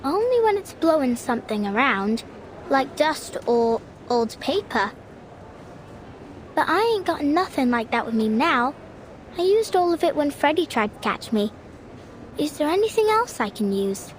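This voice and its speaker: A woman's voice: high voice, sing-song, measured pace, a little hiss or hum. An actress playing a curious, spunky young girl who chats informally in a game. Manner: chatty, wondering, informal. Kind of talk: game voice acting.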